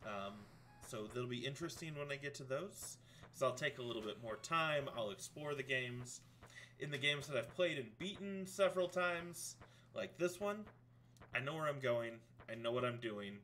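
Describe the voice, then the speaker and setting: A man's voice: medium pitch, expressive, normal speed, fairly bright tone, a little hiss or hum. A man streaming a retro video game, chatting casually and rambling through his ratings and plans. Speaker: let's play streamer. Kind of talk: game commentary.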